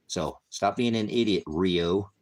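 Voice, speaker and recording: A man's voice: low voice, slow pace, creaky. A man preaching in an angry livestream rant, cursing heavily and berating someone in his chat. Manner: heavy cursing, insulting and berating; confrontational, talks to a commenter. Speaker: online preacher.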